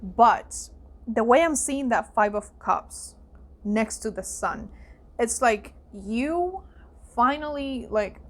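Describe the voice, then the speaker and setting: A young adult woman giving a casual tarot reading, emotional and chatty, often dropping to hushed asides. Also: fairly high pitch, expressive, takes it slowly. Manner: emotional, fillers and exclamations, voice softening to hushed asides. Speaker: psychic tarot reader. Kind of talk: casual spoken card reading.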